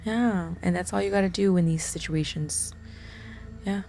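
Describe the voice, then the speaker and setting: A woman telling a ghost story in a casual, animated way, acting out the quotes and swearing as she goes. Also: lowish voice, normal speed, creaky. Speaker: guest.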